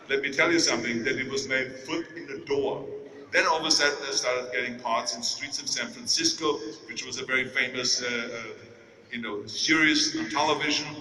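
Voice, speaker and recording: A man's voice: on the high side, bright, forceful tone, recorded from a distance, slight background noise. A man in his sixties with an Austrian accent giving an emphatic motivational speech in a large arena, telling stories and mimicking doubters. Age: 60s. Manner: emphatic storytelling, mimics naysayers. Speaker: keynote speaker. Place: large indoor sports arena. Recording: echoey arena, voice from afar.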